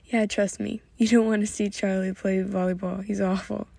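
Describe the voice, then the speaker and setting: A woman voicing a protective teenage boy who speaks calmly and firmly. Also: mid-range voice, moderate pace, gravelly, slightly rough, dry recording. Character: protective teenage boyfriend, gentle but firm.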